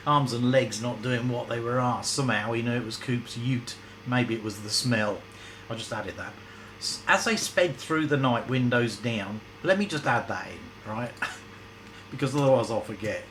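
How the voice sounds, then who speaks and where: A man's voice: mid-range voice, fairly bright tone, rough recording. A male storyteller with a mid-range voice who reads his story loosely and keeps stepping out of it for chatty asides. There is faint background noise behind him. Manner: chatty, breaks off into asides and laughs. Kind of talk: casual story reading with asides.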